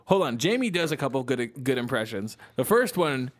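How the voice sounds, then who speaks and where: A young man co-hosting a podcast in casual chat, excitable and egging his co-host on. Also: mid-range voice, normal speed.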